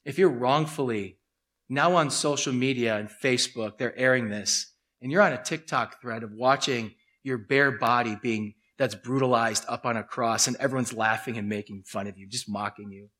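A man preaching a sermon, animated and acting out scenes. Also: medium pitch, normal speed. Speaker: pastor.

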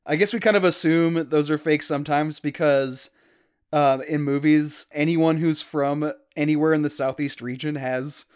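A man's voice: a little high, steady tone, moderate pace, darkish tone, clear, resonant tone. Chatty male podcast host from Louisiana. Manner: chatty, laughs often. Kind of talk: casual podcast chat.

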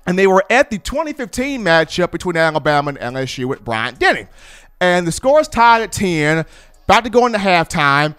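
Man, high smooth voice, animated football commentator who tells stories. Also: a little fast, soft background music. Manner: animated storyteller acting out fans. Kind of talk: sports talk commentary.

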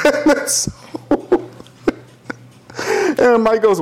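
A man's voice: very high-pitched, very slow, long pauses, husky. A man telling a work story in casual chat, swearing often and acting out the quotes in raised voices. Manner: profane, animated, acts out quotes in raised voices.

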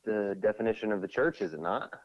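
A man with a low voice chats on a faith podcast and acts out other people's lines as he tells stories. The recording is dry and a little dull in tone. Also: quick pace, no echo. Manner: animated, acts out quoted voices. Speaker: podcast co-host. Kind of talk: casual faith podcast chat.

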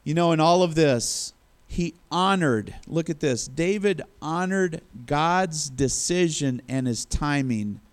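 A man delivers a sermon in a clear, smooth voice that sits a bit high for a man. He tells the story in a lively way, acts out the quotes and chuckles between lines. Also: takes it slowly. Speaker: pastor.

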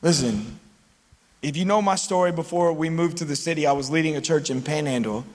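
Animated high-voiced male preacher. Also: brisk. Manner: animated, conversational preaching with acted-out quotes. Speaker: pastor. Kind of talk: sermon. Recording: long reverb of a large church hall.

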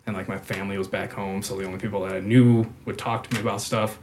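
A young man speaking candidly in conversation, halting and full of fillers like "like". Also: fairly low pitch, little pitch movement, a little hiss or hum. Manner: halting, filler-heavy, lots of "like".

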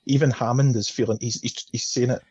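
A man with a slightly husky voice, co-hosting a casual film chat with jokes. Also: medium pitch, fairly even intonation, a little fast, darkish tone, no echo, highs cut off. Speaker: podcast co-host.

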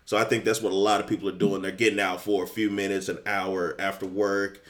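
A young adult man co-hosting a podcast, telling stories in a relaxed, easygoing way. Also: low voice, fairly quick. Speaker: podcast co-host. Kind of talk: casual chat.

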